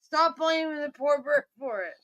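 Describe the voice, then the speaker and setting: A woman's voice: high voice, animated, normal speed, a bit bright, no echo. A woman chatting casually and teasing her partner on a live stream. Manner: teasing, laughing. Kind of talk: casual chat.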